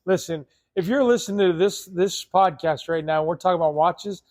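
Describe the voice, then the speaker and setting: A man co-hosting a casual podcast keeps chiming in with side remarks and questions. His voice is a touch higher than most men's. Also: steady tone, a little mellow. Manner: chatty, interjecting, quick asides. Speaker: podcast co-host.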